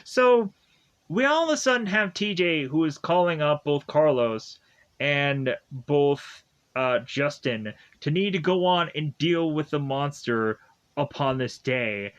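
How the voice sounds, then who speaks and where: A man's voice: a little high, lively intonation, slow pace, clear, resonant tone, highs cut off. A young man casually recapping a show episode, rambling with lots of "like" fillers and frequent chuckles.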